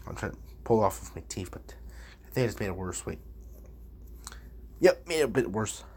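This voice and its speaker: A man's voice: fairly low pitch, lively intonation, moderate pace, a little mellow, a little hiss or hum. A man rambling in a goofy, jokey way from his room while practicing on a language app. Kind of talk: casual rambling commentary.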